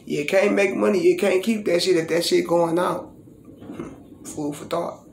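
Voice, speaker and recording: A woman's voice: lowish voice, fairly even intonation, a little slow, vocal fry, a little mellow, slight background noise. Brash, cussing woman freestyling at home. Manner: brash, profane, boastful, breaks into rhymes. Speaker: vlogger. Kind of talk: casual vlog talk with freestyle rapping. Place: home living room. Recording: roomy echo in a home.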